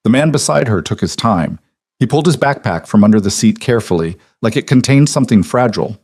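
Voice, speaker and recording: A man narrating a scripted story in a calm, measured way. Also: fairly low pitch, no room sound, studio quality.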